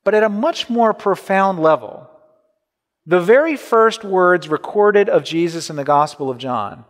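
A man with a slightly high voice preaching in a lively, swinging way. He talks to the congregation like a conversation, repeating words and tossing in "right?" His voice rings with the long reverb of a large church hall. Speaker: pastor. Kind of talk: sermon.

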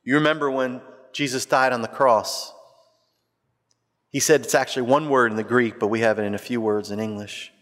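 Animated preacher man in an echoing hall. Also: mid-range voice, moderate pace. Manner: animated preaching, swings from loud to hushed. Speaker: pastor. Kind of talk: sermon. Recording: reverberant hall.

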